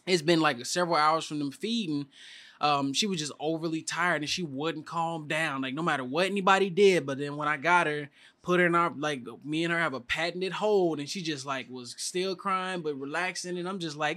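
A man's voice: on the high side, a little fast, sharp tone. A man in casual chat about fatherhood, talking emotionally, laughing and using slang. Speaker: podcast co-host, father of two daughters.

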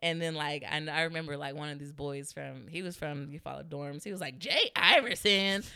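Bright, crisp-voiced woman in her twenties. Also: low voice, steady tone, fairly quick, no room sound, clean studio sound. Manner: laughs often, lots of "like" fillers. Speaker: stand-up comedian guest. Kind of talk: casual interview storytelling.

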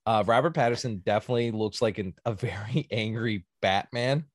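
A man's voice: fairly low pitch, a little fast, dry recording, studio quality. A man hosting a podcast in casual chat, telling a story animatedly and acting out quotes. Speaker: podcast host.

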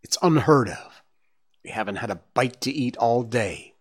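A man voicing a grumpy, bossy older female deer in a storybook reading, grumbling in a slow, fussy manner. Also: medium pitch, animated, husky.

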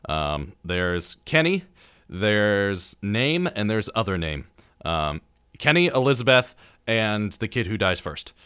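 A man's voice: fairly low pitch, takes it slowly, clean tone, dry recording, studio quality. A young man hosting a radio talk show, casually retelling horror movie scenes with many ums and acted-out lines. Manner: relaxed storyteller, acting out scenes with many ums. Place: radio studio.

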